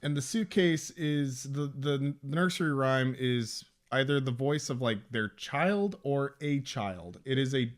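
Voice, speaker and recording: A man's voice: medium pitch, unhurried, few pauses. A man co-hosting a casual movie recap podcast, rambling and narrating the plot with asides. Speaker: podcast co-host.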